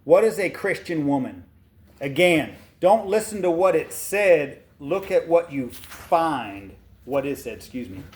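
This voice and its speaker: A man's voice: a little high, lively intonation, measured pace. Fired-up man ranting. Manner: fired-up, ranting, blunt and folksy. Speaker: podcast host reading a book aloud. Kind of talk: casual commentary mixed with reading aloud.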